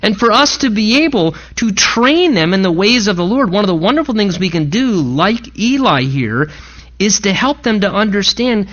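A middle-aged man preaching a sermon, earnestly quoting scripture with dramatic pauses. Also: high voice, very animated, a bit bright, highs cut off. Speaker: pastor.

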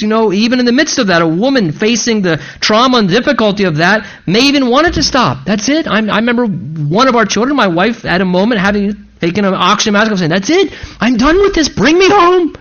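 High-voiced emphatic preacher, man. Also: fairly bright tone, dull audio. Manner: emphatic preaching, rising intensity on key phrases. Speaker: pastor. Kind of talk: sermon.

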